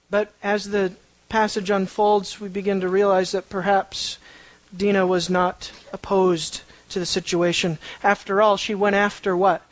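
A preacher delivering an expository sermon, recorded close and dry with almost no room sound. The voice rises and drops sharply for emphasis. Key phrases come back again and again, and the listeners are pushed with questions. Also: dry recording. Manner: asks the listeners rhetorical questions; pitch and loudness swing widely for emphasis.

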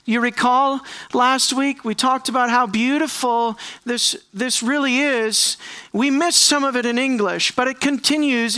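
A man preaching an expository sermon as pastor, conversational, asking the congregation questions and slowing down to stress words. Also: very high voice, bright, forceful tone, clean tone, dry recording. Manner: conversational, asks the congregation questions, slows for emphasis.

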